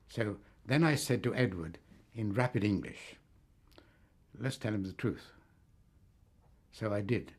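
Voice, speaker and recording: A man's voice: fairly low pitch, lively intonation, normal speed, pauses often, breathy edge. An older man recalls his wartime escape in an oral history, rambling through the story with fillers and small chuckles. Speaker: war veteran recounting his escape.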